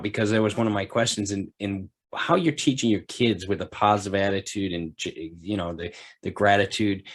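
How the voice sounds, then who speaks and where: A man's voice: fairly low pitch, slightly rough. A middle-aged man hosting a podcast in casual interview chat, encouraging and rambling with frequent restarts. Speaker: podcast host.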